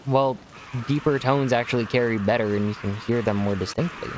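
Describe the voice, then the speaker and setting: This man, a streamer from Texas, talks fairly quickly at a medium pitch while playing a game. His chatter is loose and rambling, broken up now and then by goofy voices, all over noisy stream audio.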